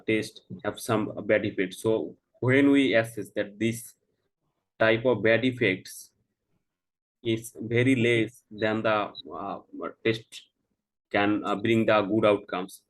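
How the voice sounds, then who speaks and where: A man with a fairly low voice plays a doctor in a practice consultation. He reassures the patient in halting sentences full of filler sounds. He keeps checking whether he has been understood. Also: low-quality recording. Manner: halting, heavy "uh" fillers, slow explaining; checks understanding with "Do you get me?". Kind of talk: mock doctor-patient role-play.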